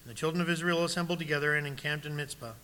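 A man preaching a sermon, reading scripture and questioning his congregation directly, sometimes dropping to a soft, low voice. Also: fairly even intonation, very fast. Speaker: pastor.

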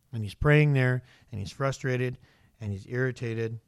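A man's voice: mid-range voice, steady tone, fairly quick, a little mellow, no room sound. A male pastor preaching a sermon in a conversational way, often turning to the congregation with rhetorical questions.

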